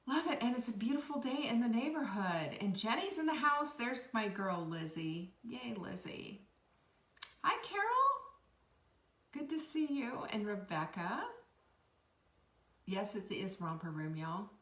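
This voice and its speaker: A woman hosting a live-stream, chatting warmly with viewers and greeting them by name. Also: fairly high pitch, sing-song, unhurried, recorded from a distance. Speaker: host. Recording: echoey room.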